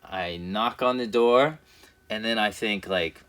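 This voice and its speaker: A man's voice: lowish voice, smooth. A young man, a professional wrestler, telling a story in a casual interview and acting out the scenes as he goes. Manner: lively storyteller who acts out scenes, with fillers and quick restarts.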